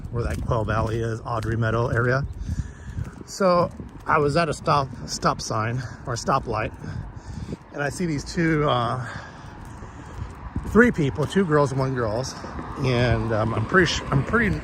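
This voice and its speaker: A man's voice: mid-range voice, noisy background. A man chatting casually with viewers while walking his dog outdoors, rambling and profane as he tells a story. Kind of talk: casual chat to live viewers. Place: outdoors on a walk.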